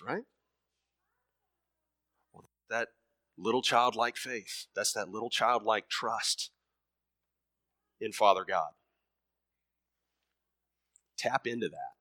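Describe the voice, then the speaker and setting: A man in his thirties preaching a sermon, emphatic, repeating words and swinging between loud bursts and soft murmurs. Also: mid-range voice, dry recording, clean studio sound.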